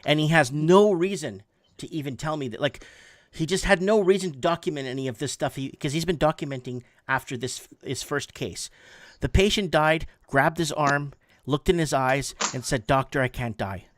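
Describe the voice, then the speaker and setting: A man in his forties telling a story in a casual, animated way, often repeating words for emphasis. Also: a little high, normal speed, no echo, clean studio sound. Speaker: podcast host.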